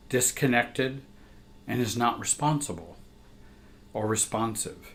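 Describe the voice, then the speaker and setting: A man reading a personal account aloud in a measured, emotional way. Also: medium pitch. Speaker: therapist and show host.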